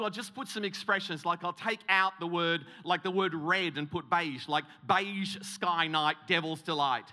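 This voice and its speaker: A man's voice: high-pitched, pushed and bright. A man preaching a comic sermon story, self-mocking and full of restarts. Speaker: guest preacher.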